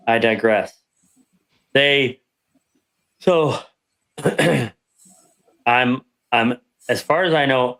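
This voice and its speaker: A man's voice: mid-range voice, a bit bright. A man on a podcast telling a rambling story about his army training, correcting himself as he goes and acting out the people he quotes. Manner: rambling, self-correcting anecdote with acted-out quotes. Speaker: podcast guest veteran. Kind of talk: casual storytelling.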